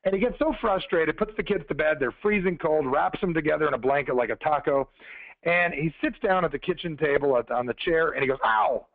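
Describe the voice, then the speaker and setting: Male motivational speaker, quick and conversational, slightly high voice, phone-call quality. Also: no echo. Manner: fast, conversational, addressing listeners directly. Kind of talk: motivational storytelling on a conference call. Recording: tinny phone-line call.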